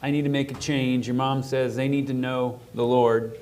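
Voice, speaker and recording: A man of average pitch leads a relaxed conversational interview. He asks guiding, prompting questions and sums up the story back to his guest. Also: moderate pace. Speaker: interview host.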